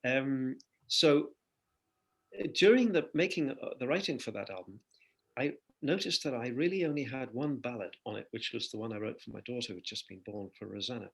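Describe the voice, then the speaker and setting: A man's voice: mid-range voice, a little fast, breathy edge. An older man from Ireland, a guest musician in an interview, telling stories reflectively with hesitant fillers. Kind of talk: interview chat.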